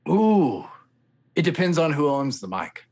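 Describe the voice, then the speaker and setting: A man's voice: medium pitch, moderate pace. A man who works as a tour manager and sound engineer, chatting casually on a podcast in an easygoing, rambling way.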